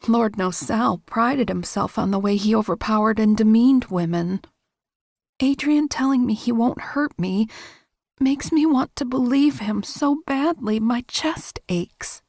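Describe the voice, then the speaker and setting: A woman narrating a romance audiobook in first person, with a steady, intimate, measured reading. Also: medium pitch, no echo, clean studio sound.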